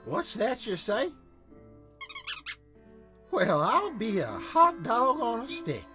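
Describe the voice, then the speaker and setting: A man's voice: very high voice, huge pitch swings, slow pace, over music, pitched above the performer's own voice, full character voice. An actor playing an old male fur trapper with a twangy American Western accent, in a recorded stage piece. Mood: folksy.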